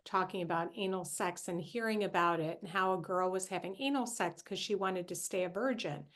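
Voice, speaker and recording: A woman's voice: fairly low pitch, brisk, fairly bright tone. A woman hosting a parenting podcast, attentive and conversational with her guest. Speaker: podcast host. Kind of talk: podcast interview.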